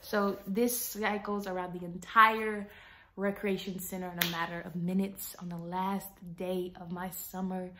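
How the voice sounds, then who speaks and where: A young woman telling a story to her viewers, talking to them casually and dramatically, and often dropping to a hushed whisper. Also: fairly low pitch, flat delivery, a little slow, background noise. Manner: chatty, addresses viewers as y'all.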